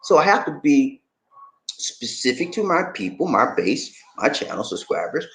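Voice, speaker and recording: A man hosts his channel in casual talk, his pitch swinging up and down as he speaks. He repeats himself and keeps checking in with his viewers. The sound carries a roomy echo. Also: normal speed. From Charleston, South Carolina. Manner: animated and repetitive, often checking in with listeners. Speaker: channel host.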